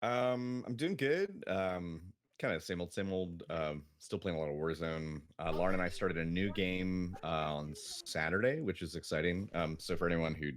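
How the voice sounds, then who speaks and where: A man's voice: low-pitched, moderate pace, hardly any pauses. A man co-hosting a gaming podcast, talking in a laid-back way with many ums. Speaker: streamer and podcast co-host. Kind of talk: casual gaming podcast chat.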